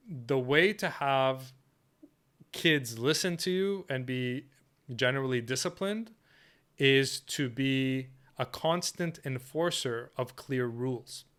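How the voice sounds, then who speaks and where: A man's voice: mid-range voice, a bit bright, clean tone. A man coaching a workshop lesson in a firm, assertive way, often checking in with "okay?" and "right?". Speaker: dating coach.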